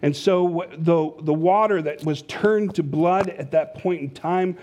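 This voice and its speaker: Conversational male preacher, slightly high voice. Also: unhurried, a little mellow. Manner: conversational preaching with joke-telling asides. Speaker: pastor. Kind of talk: sermon.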